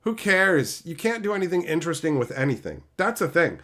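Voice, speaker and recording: A man's voice: fairly high pitch, very animated, fairly quick, hardly any pauses, pushed and bright. A young man on a livestream, ranting with angry, sarcastic and profane outbursts. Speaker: streamer. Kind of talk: livestream rant.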